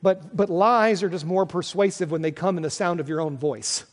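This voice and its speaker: A man's voice: sits high, normal speed, big-room sound. A man preaching a sermon as pastor, earnest and conversational, often restarting his sentences.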